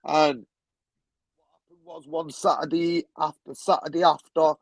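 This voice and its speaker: A man's voice: a little high, flat delivery, unhurried, dry recording, low-quality recording. A man telling stories as a guest on a talk show, blunt and swearing freely, with a lot of "you know what I mean". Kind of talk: casual storytelling.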